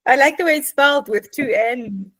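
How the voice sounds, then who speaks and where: A woman's voice: high voice, a bit bright, no room sound. A woman hosting a session, encouraging her guest and laughing often. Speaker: host. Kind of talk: casual chat.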